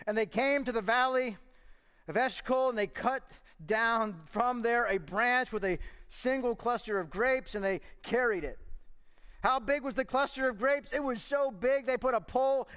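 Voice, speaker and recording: A man's voice: sits high, fairly bright tone, clear, resonant tone. A man preaching a sermon as pastor, emphatic and full of rhetorical questions. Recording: long reverb of a large hall.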